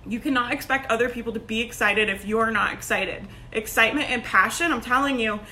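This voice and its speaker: A woman in her thirties giving a loud, emphatic motivational talk to camera, laughing often and peppering her speech with "like" and "right?". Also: on the high side, fairly quick. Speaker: online business coach. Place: at home. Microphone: phone.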